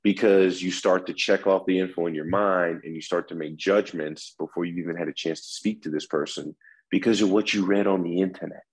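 A man with a deep, slightly husky voice explains negotiation skills in an interview. He is animated and acts out the example phrases, swinging his inflection up and down. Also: fairly quick, low-quality recording. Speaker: negotiation instructor.

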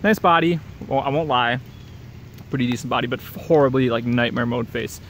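A man's voice: mid-range voice, normal speed, fairly bright tone, slight background noise. A man talking in a rambling, profane casual rant, repeating himself and chuckling between sentences.

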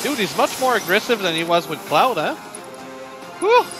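A man playing a video game, bantering casually, reacting loudly to the action and laughing a lot. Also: high voice, very animated, normal speed. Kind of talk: casual let's-play banter. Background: game music.

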